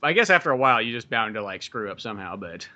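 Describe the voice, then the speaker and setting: A man's voice: fairly low pitch, sing-song, quick pace, bright, forceful tone, muffled recording. A man co-hosting a podcast in casual comedic chat, laughing, swearing and riffing on silly scenarios. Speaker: podcast co-host.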